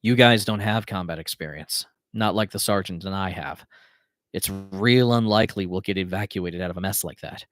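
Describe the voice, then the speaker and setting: A man voicing a gruff, weary older Marine gunnery sergeant who talks in an earnest way. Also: low-pitched, normal speed, a bit bright, no room sound. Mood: stern.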